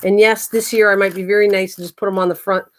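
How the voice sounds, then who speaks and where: A woman's voice: medium pitch, level tone, fast talker. An older woman hosting her own channel, chatting casually to the camera and talking to her pets as she goes. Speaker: craft and garden channel host.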